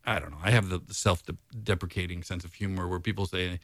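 A man's voice: low-pitched, steady tone, a little fast, fairly bright tone, no room sound. A man, a blues musician, chatting casually in an interview and rambling in a laid-back way with lots of filler. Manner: rambling and laid-back, heavy on "you know" and "dude".

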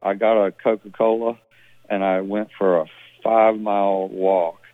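Male musician on a tinny phone line, low voice, rambling storyteller. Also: normal speed, no echo. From Mississippi. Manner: rambling, relaxed, with many restarts. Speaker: musician guest. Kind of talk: phone interview, casual storytelling.

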